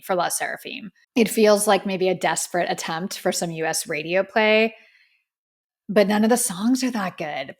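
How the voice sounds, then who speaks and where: Female podcast host, candid and chatty, at a studio mic. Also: mid-range voice. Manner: candid, chatty, opinionated, with frequent fillers. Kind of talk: casual music review podcast. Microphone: studio microphone.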